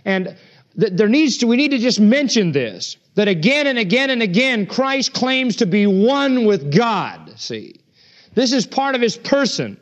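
Male preacher, high voice, forceful and emphatic delivery, muffled lo-fi recording. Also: big pitch swings, a little slow. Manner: emphatic, acts out quoted voices with rising pitch. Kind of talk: sermon. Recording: dull lo-fi sermon recording.

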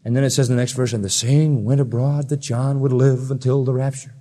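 A male preacher giving a sermon, telling Bible stories in an animated way and acting out the voices of the people in them. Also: mid-range voice, fairly quick. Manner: animated storytelling, acts out voices. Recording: long reverb of a large hall.

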